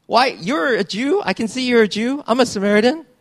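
A man's voice: very high-pitched, animated, fast, gravelly, pitched above the performer's own voice, full character voice. A man voicing a startled Samaritan woman who fires off incredulous questions.

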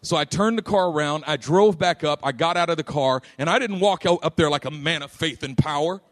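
In a fairly quick sermon, a man recounts something from his own life, performing the different voices. Quiet stretches turn soft and low, while the high points become shouts.

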